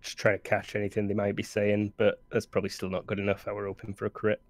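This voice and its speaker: A man's voice: on the low side, completely flat delivery, fast talker, creaky. A man playing in a tabletop game, talking casually and thinking aloud. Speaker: player.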